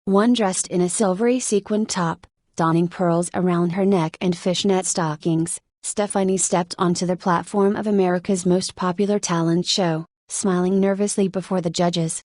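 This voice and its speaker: A woman narrating a nonfiction audiobook in an even, measured reading. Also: lowish voice, no room sound.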